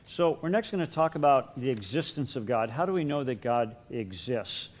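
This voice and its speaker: A man's voice: mid-range voice, animated, normal speed. A man teaching a Bible class in a conversational lecture, with repeated words and light chuckles.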